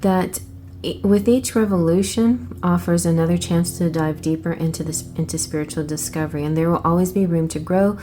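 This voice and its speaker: Casual female host reviewing cards; gushing, rambling, warm-toned and low, slight background hiss. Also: a little fast. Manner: chatty and excitable, thinks aloud with restarts. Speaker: tarot channel host. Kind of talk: casual card flip-through review.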